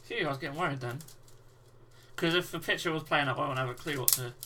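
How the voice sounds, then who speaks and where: A man's voice: on the high side, fast talker, a little hiss or hum. A British man casually hosting a live stream, chatting and reading out viewer messages while he builds miniatures, chewing on a sweet. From United Kingdom. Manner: relaxed, reads out chat messages while building. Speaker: livestream host.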